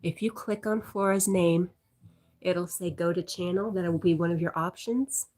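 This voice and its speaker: A woman with a soft, breathy, slightly low voice chats easily on a livestream. She reads out viewers' comments and answers them in a relaxed, friendly way, close to the mic. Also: unhurried. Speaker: livestream host reading chat. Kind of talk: casual chat.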